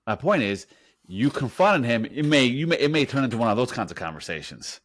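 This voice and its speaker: A man's voice: medium pitch, big pitch swings, fairly quick, a bit bright, dry recording, studio quality. A man co-hosting a podcast, ranting in a casual, emphatic, profane way. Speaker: podcast co-host.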